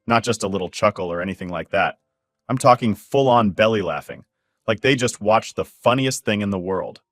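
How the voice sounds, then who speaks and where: A man's voice: lowish voice, brisk. A man narrating a first-person story in a blunt, angry way, swearing freely. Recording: dry voice with faint music behind.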